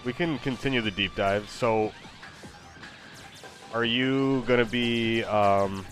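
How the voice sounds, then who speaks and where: A man's voice: fairly low pitch, steady tone, slow, soft background music. Rambling man chatting while gaming. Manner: hesitant, rambling, many fillers. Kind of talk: casual chat while gaming.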